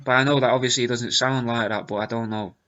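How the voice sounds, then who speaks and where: A man's voice: mid-range voice, steady tone, fast talker, pushed and bright, muffled recording. A man comically reading aloud angry comments, with wry, self-deprecating asides. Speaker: video creator reading out comments.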